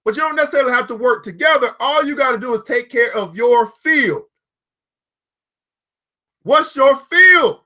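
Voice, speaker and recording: A high-pitched man gives a live motivational talk. He is preachy and repetitive and keeps calling out viewers by name. His tone is bright and forceful. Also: animated, normal speed, pauses often. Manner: preachy, repetitive, calls out viewers by name, laughs at own jokes. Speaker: founder giving a motivational talk.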